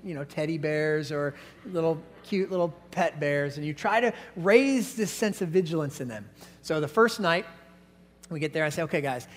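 High-voiced male pastor in a reverberant hall. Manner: storytelling, animated, acts out quoted voices. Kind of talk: sermon. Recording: long reverb of a large hall.

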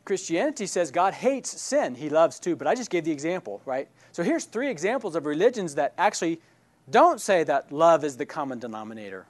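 A man's voice: on the high side, sing-song, brisk. A man teaching a church class who keeps checking in with his listeners, asking "right?" and "all right?". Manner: asks questions and checks in with "right?".

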